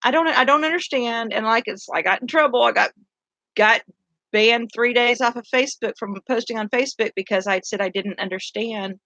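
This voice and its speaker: A woman's voice: a little high, brisk, bright, forceful tone, no room sound. A middle-aged woman, a city council candidate talking casually and earnestly. She sounds tired and rambles, often restarting her sentences. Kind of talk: casual monologue. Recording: dull lo-fi, dry sound.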